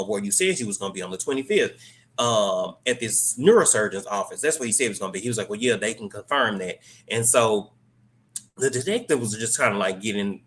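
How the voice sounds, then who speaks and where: A young man with a lowish voice talks through a TV episode in a loose, rambling way, filling gaps with "um" and "like." He jumps into quick bursts of the characters' lines as he retells the plot. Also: fairly bright tone. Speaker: host recapping a TV episode. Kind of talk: casual recap.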